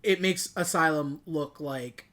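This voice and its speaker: A man's voice: on the high side, a little slow, a bit bright. Rambling male podcast co-host. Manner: rambling, searches for words. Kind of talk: casual movie review chat.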